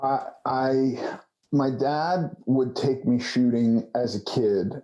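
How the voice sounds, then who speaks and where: A man's voice: mid-range voice, takes it slowly, dark tone, muffled recording. A man in his forties from California, a guest telling a casual story with many restarts. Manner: rambling storytelling with frequent restarts and profanity. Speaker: podcast guest, actor. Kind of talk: casual conversation.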